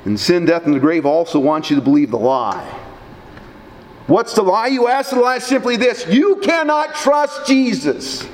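A male pastor giving a funeral sermon, dramatic, swinging between loud emphatic highs and low quiet drops, firing rhetorical questions at the mourners. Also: expressive, moderate pace. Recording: long hall reverb, faint background noise.

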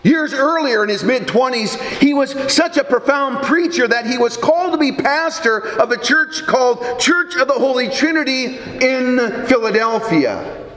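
A man's voice: extremely high pitch, animated, normal speed, fairly bright tone. A man, a Lutheran pastor, preaching a sermon and telling stories in a conversational way. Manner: storytelling, conversational with occasional restarts. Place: church sanctuary. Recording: echoey hall with long reverb.

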